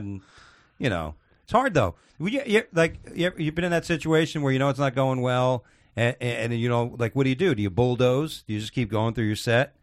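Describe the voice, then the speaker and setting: A man's voice: medium pitch, expressive, fairly quick. A man on a comedy podcast, profanely telling a rambling story and acting out the quotes. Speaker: podcast co-host. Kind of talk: casual comedy podcast chat.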